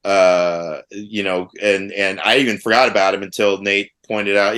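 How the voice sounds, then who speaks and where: A man's voice: low-pitched, steady tone, a bit bright. A man in his forties, co-hosting a casual chat among old friends, rambling and restarting his sentences. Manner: rambling, halting with many restarts. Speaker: podcast co-host.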